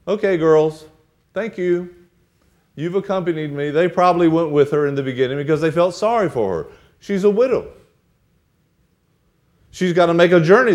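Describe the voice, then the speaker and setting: A male preacher retelling a Bible story in a sermon, acting out the characters' lines as he goes. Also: medium pitch.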